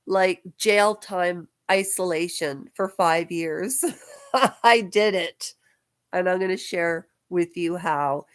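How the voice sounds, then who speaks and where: A woman in her fifties, from Ukraine, records a personal vlog at home on her houseboat. She talks slowly and emotionally, wandering from one thought to the next as she speaks straight to camera. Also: medium pitch. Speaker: vlogger.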